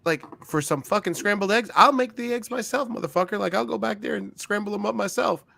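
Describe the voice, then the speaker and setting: A man co-hosting a wrestling podcast, telling stories in a profane, animated way and acting out what people said. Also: high-pitched, a little fast, gravelly. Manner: profane, animated storytelling with acted-out quotes. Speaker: podcast co-host. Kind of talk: casual chat.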